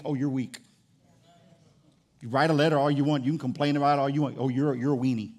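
A male pastor preaching a fervent sermon, swinging from loud calls to hushed asides. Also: mid-range voice, fairly even intonation, quick pace, pauses often.

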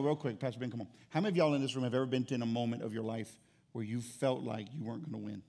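A middle-aged man, a pastor preaching a sermon to his church, building to loud, emphatic repeated phrases. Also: mid-range voice, steady tone, quick pace. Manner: rising to loud emphatic repetition. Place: church service.

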